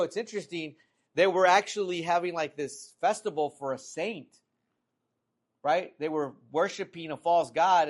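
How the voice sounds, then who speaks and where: Middle-aged male pastor, slightly higher voice, casual fillers, swells into scripture readings. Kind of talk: sermon.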